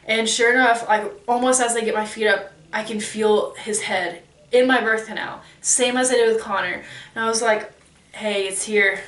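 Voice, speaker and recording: A woman in her thirties tells a personal story in a casual, animated way, slipping into the voices of the people she quotes. Her voice sits on the higher side. It sounds recorded in a roomy space with the mic set back from her. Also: recorded from a distance. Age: 30s. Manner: animated, acts out quoted exchanges. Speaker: vlogger.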